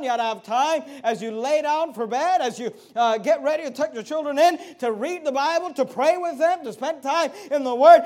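A man with a very high voice delivers a sermon to his church. He moves between calm, plain teaching and loud, emphatic peaks of preaching. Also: normal speed, hardly any pauses. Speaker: pastor.

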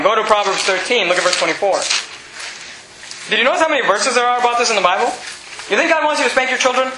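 Preacher guy, high and sharp, shouty and repetitive, echoey room, faint hum behind. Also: expressive, fast talker, pauses often. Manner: emphatic, repetitive, often shouting. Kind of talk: sermon.

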